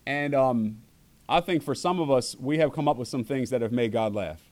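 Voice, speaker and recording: A middle-aged man preaching a sermon to his church, animated and acting out voices when he quotes people. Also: medium pitch, normal speed. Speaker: pastor.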